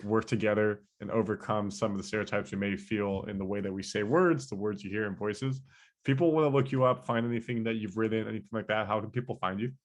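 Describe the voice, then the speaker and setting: A man's voice: on the low side, steady tone, fast talker. A man hosting a podcast interview, casual and enthusiastic, telling anecdotes. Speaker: podcast host.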